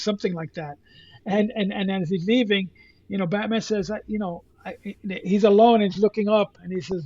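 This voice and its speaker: A man co-hosting a podcast, retelling a comic story in a casual, halting way with many restarts. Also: high voice, darkish tone, no echo, highs cut off. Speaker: podcast co-host.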